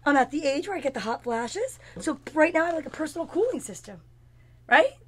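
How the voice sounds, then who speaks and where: Lively intonation marks this high-pitched, slightly bright female voice, which moves a little fast. A comedian in her fifties hosts her own show, greeting viewers by name and chatting casually with rambling, playful self-mockery for a comic live audience.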